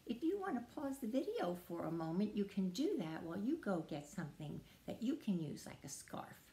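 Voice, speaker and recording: A woman librarian reading a picture book aloud to preschoolers in a sing-song voice, pausing to ask the children questions. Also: mid-range voice, big pitch swings, dark tone. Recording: roomy echo.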